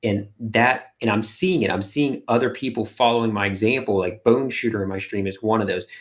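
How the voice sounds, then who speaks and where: Brief: lower-pitched man, eager guest, lots of "like" and "you know". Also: brisk. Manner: energetic storyteller, lots of fillers. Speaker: guest, art streamer. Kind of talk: casual interview chat.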